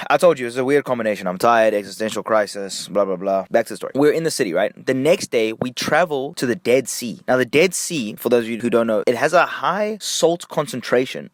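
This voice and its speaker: A young adult man from Nigeria tells a casual story-time vlog, swinging between hushed asides and excited, high bursts. He talks a little fast, and there's no echo.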